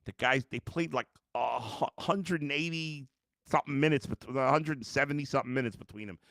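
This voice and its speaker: Gravelly, a bit bright, and medium in pitch, the man speaks fairly quickly in a studio-quality recording with no room sound. Frustrated and worn out, he reads fan comments on his live sports podcast, swearing now and then and not mincing words.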